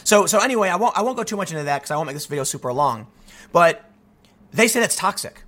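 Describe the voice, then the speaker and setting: Animated ranting male commentary host. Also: sits high, fast talker. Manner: animated, restless, often restarting sentences.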